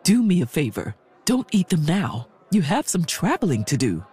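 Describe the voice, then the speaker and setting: A woman playing a brisk, eccentric aunt who sneaks up on the kids, with a husky, matter-of-fact, wry delivery in an audio drama. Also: sits low, sing-song, mellow, heavily acted.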